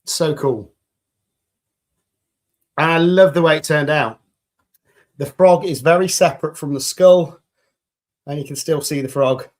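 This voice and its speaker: Upbeat british guy on a craft livestream, a bit croaky, kinda high voice, chatty. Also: a little slow, long pauses, darkish tone. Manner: chatty and enthusiastic, greeting viewers. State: slightly croaky after hours live. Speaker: resin crafter streaming live. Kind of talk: live stream chat while demolding.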